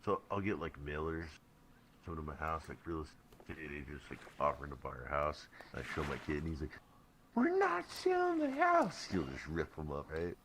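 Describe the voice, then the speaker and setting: A man telling dry, lively stories in a casual podcast chat. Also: a bass voice, a little fast, a little hiss or hum.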